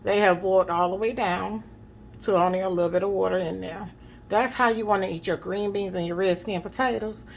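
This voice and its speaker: A woman's voice: mid-range voice, fairly even intonation, a little fast, gravelly, slight background noise, poor audio. A woman giving a casual cooking demonstration in her home kitchen, chatting to viewers and checking in with "okay?" as she goes. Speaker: cooking vlogger.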